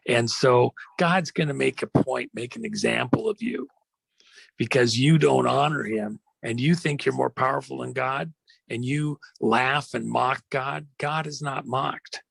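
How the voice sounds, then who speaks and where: A man telling a story dramatically, rambling with many fillers and slowing down for emphasis. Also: mid-range voice, gravelly, slightly rough, no room sound, rough recording. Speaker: guest.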